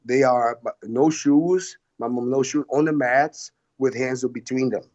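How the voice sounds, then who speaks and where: A man guesting on a podcast, telling his story as a martial arts coach in a rambling, animated way, with frequent swearing and restarts. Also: medium pitch, a little slow, lo-fi sound. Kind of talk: casual storytelling.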